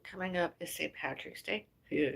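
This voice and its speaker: Gravelly, husky-voiced woman musing aloud. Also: fairly low pitch, moderate pace. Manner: rambling, musing aloud, trailing off. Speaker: livestreamer. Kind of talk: casual livestream chat.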